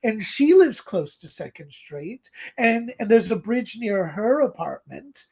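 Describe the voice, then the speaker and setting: A gravelly, husky co-host chats casually on a podcast. The voice swings widely in pitch, lively and animated. Quotes get acted out with relish. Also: unhurried. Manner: animated, laughs, acts out quoted lines. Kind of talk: casual chat about a radio drama.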